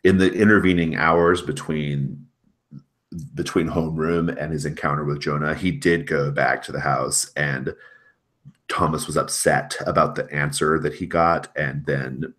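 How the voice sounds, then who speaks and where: A man with a very deep voice, running a tabletop role-playing game as its game master. He narrates in a loose, rambling way, full of fillers and restarts. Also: fairly even intonation, a little slow, fairly bright tone.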